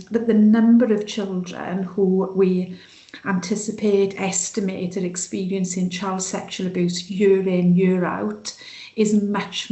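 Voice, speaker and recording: Welsh Valleys woman trainer, mellow sing-song delivery, echoey room, video call. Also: mid-range voice. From Wales. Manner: sing-song, many fillers and restarts. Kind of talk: online training presentation.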